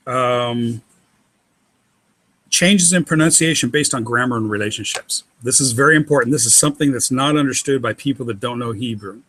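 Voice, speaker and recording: Bright-voiced man teaching Hebrew syllables. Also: medium pitch, moderate pace. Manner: patient, methodical, spells out letters.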